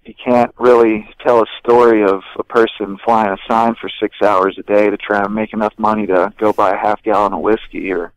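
A man talking as a guest on a podcast, relaxed and casual, cursing freely between lots of fillers. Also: on the low side, brisk, few pauses, clear, resonant tone, dry recording, dull audio. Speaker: documentary director, guest.

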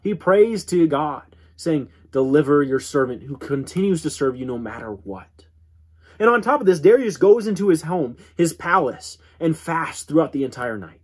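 A man teaching a church Bible class in an earnest way, often restarting words and letting his voice drop low at the ends of lines. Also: lively intonation, moderate pace, husky. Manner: earnest, repeats words when restarting, dramatic drops in pitch.

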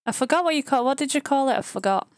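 A woman's voice: high-pitched, quick pace, no echo. Chatty Northern English woman, dry sound. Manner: chatty and talkative, easily excited. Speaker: live stream co-host. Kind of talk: casual live stream chat.

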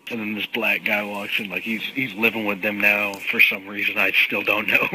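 A man's voice: on the low side, level tone, moderate pace, sharp tone, low-quality recording. A young man casually telling a rambling story to a friend, laughing often and swearing. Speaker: podcast co-host. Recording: faint background noise.

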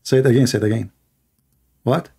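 A man's voice: medium pitch, fairly even intonation, fairly quick, creaky, warm tone, breathy edge. A man hosting a live call-in stream, mocking and repeating his phrases as he talks to callers and the audience.

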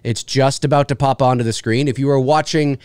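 A man's voice: mid-range voice, fairly even intonation, fairly quick, a little mellow, clean tone, no echo. A Canadian man hosting a live movie watch-along stream, joking and swearing freely as he talks from his home studio. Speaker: host.

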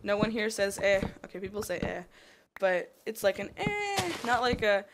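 A woman's voice: mid-range voice, fairly even intonation, normal speed. A woman from Canada chatting casually while livestreaming a game, rambling and saying "like" a lot. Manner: rambling, chatty, heavy use of "like". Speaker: livestreamer playing a modded block game. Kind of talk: casual chat while gaming. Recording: noisy home stream with mouse clicks.

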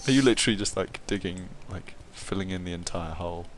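Low-voiced English man chatting over a game. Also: a crowd in the background. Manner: chatty, quick to joke, many likes and restarts. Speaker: player. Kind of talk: casual chat while playing a video game.

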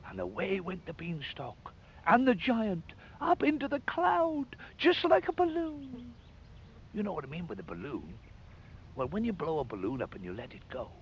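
An older man presenting and telling fairy tales to children in a lively, playful way, chatting directly to the viewer. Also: high-pitched, a little hiss or hum, low-quality recording. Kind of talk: animated storytelling for children.

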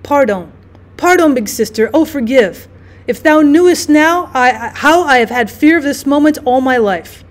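A woman reading aloud voicing a dying younger sister, frightened and guilt-ridden, in a faltering, hushed, pleading way. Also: high voice, expressive, moderate pace. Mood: pleading confession.

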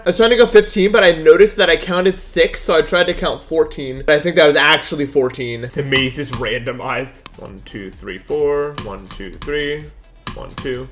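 A man's voice: medium pitch, moderate pace, a bit bright, faint music behind. A young man chatting candidly and rambling while he streams a game, sometimes counting beats under his breath. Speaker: gaming streamer. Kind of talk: casual livestream chat while playing.

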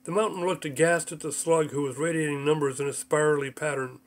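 A man's voice: on the high side, fairly even intonation, fast, hardly any pauses. A man reading his own book aloud as audiobook narration, with mild voice shifts for the characters.

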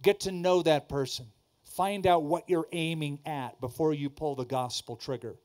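A pastor preaching to a congregation, emphatic, repeating key lines and asking the audience questions. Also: male voice, on the high side, moderate pace, a little mellow. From Southern California. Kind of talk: sermon. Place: church before a congregation.

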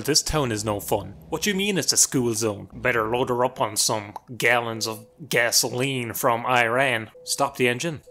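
A man's voice: medium pitch, a bit bright. A young Irish man with an Irish accent giving sarcastic, self-mocking commentary while playing a game at a desk mic. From Ireland. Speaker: gaming YouTuber. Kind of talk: playthrough commentary. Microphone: desk mic with pop filter.

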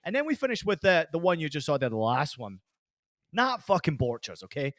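A man's voice: on the high side, a little fast, dry recording, studio quality. A middle-aged man from Scotland hosting a podcast, telling rambling, profane stories with lots of energy. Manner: animated, swears constantly, rambling storytelling. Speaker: podcast host. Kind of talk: casual profane chat.

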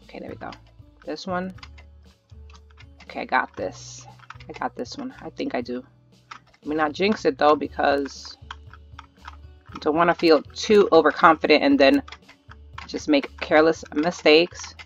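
A gaming channel host giving live gameplay commentary, nervous and excitable, urging themself on out loud. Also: mid-range voice, a little slow, gravelly, pauses often. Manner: excitable, nervous self-talk with repeated urging. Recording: slightly dull lo-fi audio with faint background music.

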